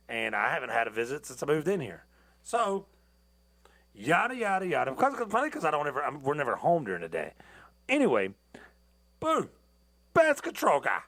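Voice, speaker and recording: Gravelly, tired man ranting casually. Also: mid-range voice, a bit bright. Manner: loose, profane and rambling, with restarts and asides. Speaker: podcast host. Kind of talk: casual rambling monologue.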